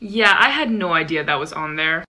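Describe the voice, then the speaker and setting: Lively, bright-voiced woman telling a story. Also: low voice, normal speed. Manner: animated, chatty, acts out dialogue. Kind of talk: casual storytime.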